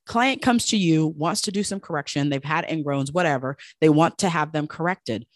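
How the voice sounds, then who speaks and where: A woman's voice: low-pitched, moderate pace, dry recording, clean studio sound. A woman coaching as an esthetician and business host, talking casually and with emphasis, repeating key points. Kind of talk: casual podcast monologue.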